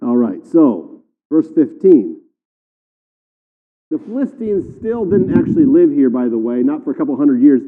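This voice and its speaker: A man's voice: on the high side, sing-song, a little slow, long pauses. A man preaching a sermon in a folksy, conversational way, often checking in with "all right?". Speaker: pastor. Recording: tinny phone-like sound with long hall reverb.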